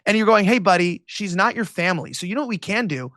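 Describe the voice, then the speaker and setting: A male political commentator talking as an interview guest, quick and sarcastic, with a mocking edge. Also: sits high, animated, a bit bright, no echo, studio quality. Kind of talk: animated interview talk.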